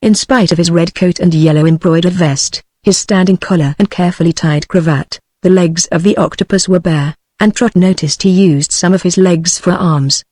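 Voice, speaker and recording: A British woman's synthetic voice reading an audiobook in an even tone. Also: on the low side, no echo. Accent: British English. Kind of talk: text-to-speech audiobook narration.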